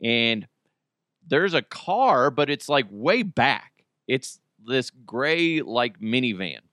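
A man in his thirties hosting a podcast, telling a story in casual chat, animated and profane, with his voice jumping up in outbursts, on a close microphone. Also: mid-range voice, takes it slowly, no echo. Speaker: podcast host. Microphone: close studio microphone.

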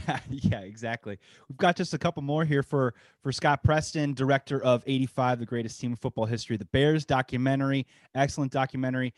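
A man's voice: medium pitch, fairly quick, hardly any pauses, dry recording. Podcast host guy, really upbeat, super dry sound. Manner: enthusiastic, effusive praise. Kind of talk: casual interview.

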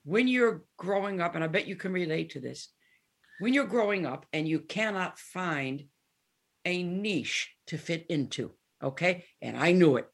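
A gravelly-voiced woman of seventy chats as a guest in a casual interview. She tells stories with animation and acts out the dialogue in them. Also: fairly low pitch, animated, unhurried. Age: 70s. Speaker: guest musician.

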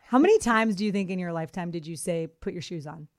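A middle-aged woman co-hosting a casual podcast, her voice sitting a little low. She talks effusively, often restarting her sentences. The sound is dry and close. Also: quick pace, no echo. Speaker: podcast co-host.

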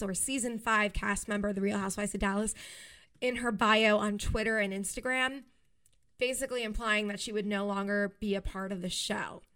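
A woman's voice: medium pitch, a bit bright. A woman hosting her own podcast, talking casually and emphatically about reality TV news. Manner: chatty, emphatic and heartfelt. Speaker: podcast host. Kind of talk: casual solo podcast commentary.

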